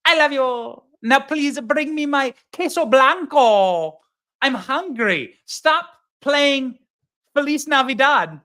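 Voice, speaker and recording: A man putting on a high drawn-out mock politician woman. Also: lively intonation, pushed and bright, full character voice. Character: mocking impression of a woman politician ordering food.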